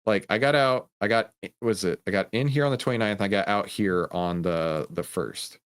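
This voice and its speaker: A man's voice: lowish voice, moderate pace, clean tone. A man hosting a trading livestream, reading chat questions and coaching viewers in an upbeat, conversational way.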